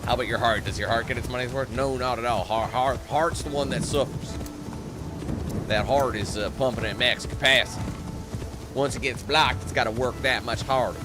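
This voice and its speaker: A man's voice: medium pitch, normal speed, background noise. A man from Canada giving joking, profane gameplay commentary in a rambling, playful way. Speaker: gaming commentator. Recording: game music loud underneath.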